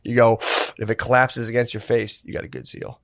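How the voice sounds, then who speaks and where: A man in casual comedic banter on a podcast, easygoing and quick to laugh, saying "dude" constantly. His voice is close and dry with no room sound. His pitch sits in an ordinary middle range. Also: little pitch movement, a bit bright, no echo. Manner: laid-back, peppers speech with "dude", laughs often. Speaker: podcast co-host.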